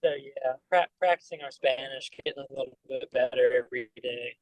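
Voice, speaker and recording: A man, a band member guest on a podcast, telling animated stories full of fillers. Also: mid-range voice, a little fast, no echo, low-quality recording. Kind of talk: casual storytelling.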